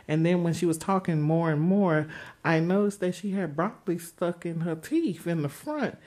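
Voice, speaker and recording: A woman's voice: fairly low pitch, moderate pace. A woman co-hosting a comedy podcast, telling a story casually in slangy speech and often laughing as she goes. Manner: laughs through her stories, slangy and animated when quoting. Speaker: podcast co-host.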